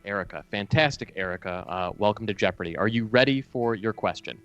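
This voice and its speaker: A man's voice: lowish voice, a little fast, fairly bright tone, faint music behind. A man co-hosting a comedic call-in show as a mock quiz host, hesitant and full of restarts. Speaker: co-host playing game-show host. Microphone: video call setup.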